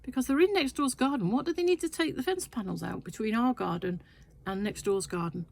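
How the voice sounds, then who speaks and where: A woman's voice: on the high side, fairly quick, gravelly, a little mellow. An older woman telling a rambling, chatty story in her sewing shed. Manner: chatty, rambling anecdote with asides. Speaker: sewing vlogger. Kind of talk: casual storytelling chat.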